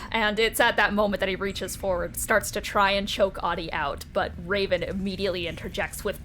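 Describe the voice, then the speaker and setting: A woman's voice: mid-range voice, fairly even intonation, a little fast, few pauses, fairly bright tone, slight background noise. A young woman narrating as game master in a casual way, with lots of laughter and fillers.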